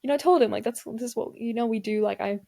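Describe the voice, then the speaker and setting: A woman's voice: a little high, fast talker, gravelly, mellow. A teenage girl hosting her own podcast, chatting casually and dramatically, with lots of filler words. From Indian family background. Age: teens. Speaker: podcast host. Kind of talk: casual solo podcast chat.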